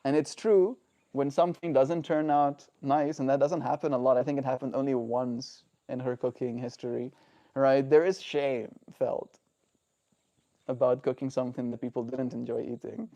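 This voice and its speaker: A man's voice: mid-range voice, fairly even intonation, moderate pace, dark tone. A man talking earnestly and reflectively on a daily livestream, often checking in with the listener. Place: home.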